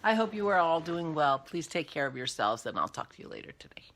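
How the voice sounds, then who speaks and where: Older woman, casual vlog host, rambling chat, animated, bright voice. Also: low-pitched, fast talker. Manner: rambling, chatty, thinking aloud. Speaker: podcast host.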